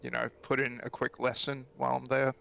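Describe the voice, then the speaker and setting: A man chats calmly at a tabletop game, checking details in an easygoing way. His voice is bright and edged with gravelly fry, and faint music plays behind him. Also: mid-range voice, brisk. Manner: easygoing, clarifying, calm. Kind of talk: casual play chat.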